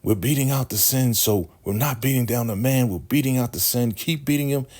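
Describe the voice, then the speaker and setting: A man's voice: medium pitch, brisk, darkish tone, voice pushed up, close to an everyday voice. A man voicing a zealous young male cult enforcer, with a fervent, raised delivery.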